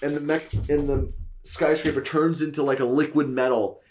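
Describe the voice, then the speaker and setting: A man's voice: level tone, moderate pace, a little mellow, slight background noise. Man loosely talking through a story idea. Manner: loose, hesitant pitching with "you know" and "like". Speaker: podcast co-host. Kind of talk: casual chat.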